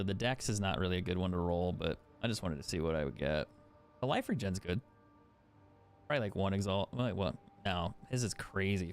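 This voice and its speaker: A man's voice: lowish voice, a little hiss or hum. A young man chatting casually as a game streamer, swearing freely and laughing often. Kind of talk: casual gaming stream commentary.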